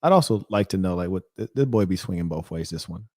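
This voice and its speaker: A man's voice: deep voice, animated, fast, darkish tone, dry recording, studio quality. A man hosting a reaction video, speaking in an indignant, rambling and emphatic way. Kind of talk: reaction commentary.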